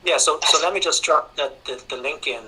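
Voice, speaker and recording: A man, a guest speaker on English teaching, answering questions in an online seminar, relaxed and repeating words as he thinks. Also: on the high side, a little fast, breathy edge, low-quality recording. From Ireland.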